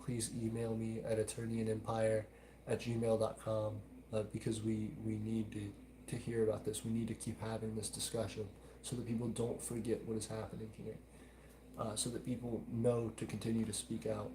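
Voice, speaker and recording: A man's voice: lowish voice, monotone, moderate pace, background noise. A young man with a mild Alabama accent, hosting a live stream and earnestly reading viewer comments aloud. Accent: mild Southern US (Alabama). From Alabama, United States. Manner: earnest, repeats pleas, reads chat aloud.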